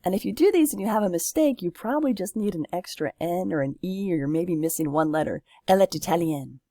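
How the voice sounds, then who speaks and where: Woman teacher, lowish voice, patient step-by-step explainer, dry close mic. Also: quick pace, mellow, no room sound. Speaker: French teacher. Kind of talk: recorded classroom lesson.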